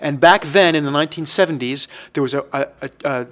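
A man's voice: fairly high pitch, brisk, fairly bright tone. A man on a casual podcast telling stories from his past. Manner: storytelling, reminiscing. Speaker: podcast co-host. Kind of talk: casual chat.

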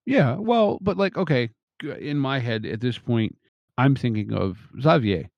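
A man from north central Pennsylvania co-hosting a casual chat, thoughtful and measured, with small restarts. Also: medium pitch, expressive, gravelly, no room sound, muffled recording. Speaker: podcast co-host.

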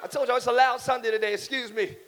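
A man preaching a live church sermon, swinging from quiet asides into shouting, calling on the congregation to repeat after him and joking with them. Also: very high voice, fairly even intonation, fast talker, some chatter behind. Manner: preaches with rising shouts and audience call-and-response. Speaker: pastor. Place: large church hall with congregation.

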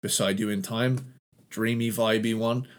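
A man's voice: fairly low pitch, fairly even intonation, a little slow. A man co-hosting a podcast, chatting casually about albums, laughing often and restarting his sentences. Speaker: podcast co-host.

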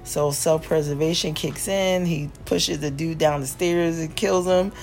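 A woman's voice: deep voice, steady tone, unhurried, darkish tone, faint music behind. A woman hosting a podcast, casually recapping a cartoon episode, laughing often and acting out the characters' lines.

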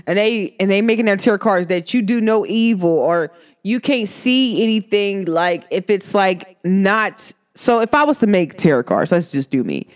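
A woman's voice: medium pitch, lively intonation, moderate pace. A woman who reads energy and makes candles, talking bluntly and with animation in a casual podcast monologue. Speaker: spiritual reader and candle maker.

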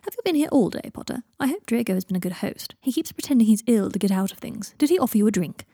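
A woman's voice: fairly high pitch, expressive, fast, dark tone, breathy edge, no room sound, clean studio sound. Woman reading a languid charming wizard.

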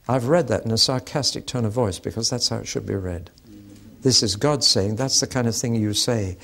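A man's voice: medium pitch, normal speed, creaky, a bit bright. A man preaching a sermon, teaching earnestly and expressively from scripture.

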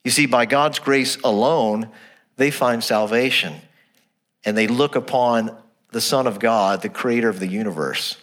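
Animated male pastor preaching. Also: medium pitch, unhurried. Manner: animated preaching, repeats phrases, asks rhetorical questions. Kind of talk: sermon.

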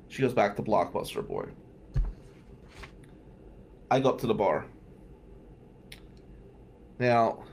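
A man's voice: medium pitch, vocal fry. A man with a mid-range voice recounts a personal story in a loose, conversational way. He wanders into wry asides and drops the odd curse word as he goes. A faint background noise sits under his voice. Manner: digressive, profane, wry asides. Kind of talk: casual storytelling monologue.

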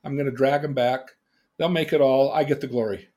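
A man's voice: mid-range voice, steady tone, fairly quick, darkish tone, close to an everyday voice. A man voicing a boastful, scheming male devil who brags about taking control, in a spoken religious retelling. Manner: brash, bragging.

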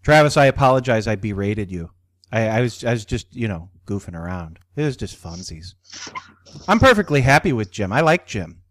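A man's voice: fairly low pitch, big pitch swings, moderate pace, dry recording. A man hosting a casual podcast chat, teasing and joking with his friends. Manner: playful, teasing.

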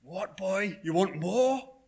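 A man's voice: high voice, lively intonation, slow pace, gravelly, a little mellow, pitched above the performer's own voice, full character voice. A man voicing an angry, stern workhouse master who scolds a boy in a raised, incredulous voice. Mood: scornful.

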